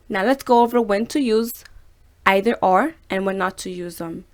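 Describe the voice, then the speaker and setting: In her relaxed video lesson, a medium-pitched female teacher and host models pronunciation by slowing down and repeating every word twice for learners to imitate. Between examples she drifts into loose, filler-filled chatter.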